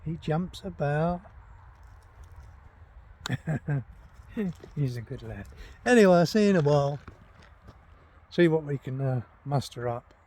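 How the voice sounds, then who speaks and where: A man's voice: on the high side, expressive, slow, pauses often, darkish tone, a little hiss or hum. An older retired man, chatting casually while he walks through a forest and talks to his dog. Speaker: vlogger. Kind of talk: casual walking vlog. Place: forest, outdoors.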